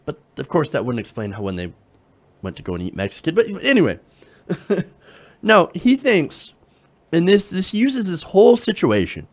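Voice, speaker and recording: A man's voice: on the high side, very animated, normal speed. A young man hosting a political commentary show, sarcastic and incredulous as he swears his way through a rant. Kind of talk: opinionated news commentary.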